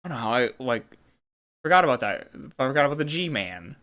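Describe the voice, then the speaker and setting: A man's voice: mid-range voice, big pitch swings, fairly quick, pushed and bright. A man hosting a casual chat, rambling as he explains trivia. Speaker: host.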